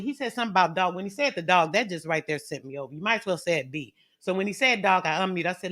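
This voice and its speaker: A woman tells a story straight to her viewers in an animated, slangy vlog style. Her delivery swings between quiet asides and loud, punchy lines, and she leans hard on emphasis. She sounds casual and unscripted throughout. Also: fairly low pitch, fast. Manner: animated, slangy, lively retelling.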